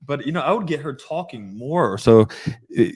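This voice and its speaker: Animated, cursing male dating coach. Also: mid-range voice, normal speed, slightly rough, dry recording. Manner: profane, animated, frequent fillers. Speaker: dating coach and podcast host. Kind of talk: casual podcast chat.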